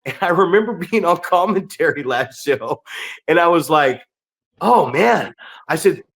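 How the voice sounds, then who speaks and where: Animated, swearing male podcast host. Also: fairly high pitch, unhurried. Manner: profane, animated storytelling. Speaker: podcast host and wrestling coach. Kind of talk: casual podcast chat.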